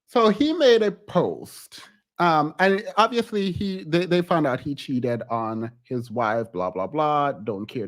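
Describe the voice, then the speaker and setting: Male gossip vlogger: high, swooping voice, unhurried, giggly, keeps trailing off and restarting. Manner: giggly, hesitant, often breaks off and restarts. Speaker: YouTube commentator. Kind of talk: casual celebrity gossip commentary.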